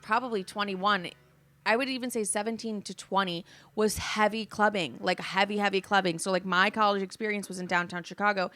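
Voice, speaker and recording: A woman in her twenties hosting a podcast, casually telling candid stories with frequent swearing and animated retellings. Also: mid-range voice, a little fast. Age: 20s. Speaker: podcast host. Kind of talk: casual storytelling chat.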